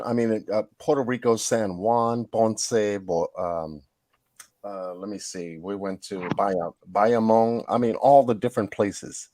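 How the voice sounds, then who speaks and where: A man's voice: fairly low pitch, unhurried, warm tone, dry recording, clean studio sound. A man hosting a casual live-stream chat, rambling through stories with lots of fillers and laughs. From New York. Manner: rambling storyteller, laughs often, many fillers. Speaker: host.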